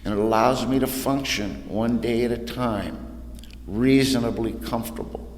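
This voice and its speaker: At an AA meeting, a Californian man shares his personal recovery story folksily, peppering it with "man" and "you know." His medium-pitched voice has fairly even intonation and a moderate pace, and the recording captures an echoey hall with faint room noise.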